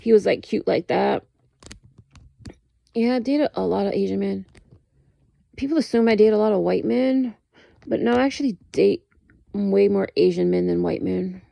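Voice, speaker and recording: Rambling woman with a gravelly, mellow voice. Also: mid-range voice, moderate pace, long pauses, dry recording. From United States. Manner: rambling, heavy use of "like", frequent restarts. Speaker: vlogger. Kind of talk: casual storytelling monologue.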